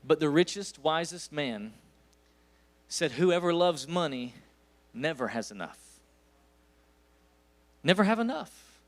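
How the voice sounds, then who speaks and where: A guest pastor in his forties with an East Tennessee accent delivers a storytelling sermon, folksy in manner and climbing to emphatic bursts. His voice is fairly high, his intonation lively, and his pace a little slow.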